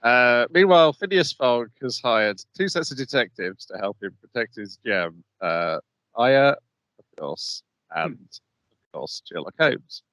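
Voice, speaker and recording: A man's voice: medium pitch, expressive, unhurried, a bit bright, no echo, dull audio. A man hosting an anime podcast, introducing each episode with wry questions in casual chat. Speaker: podcast host.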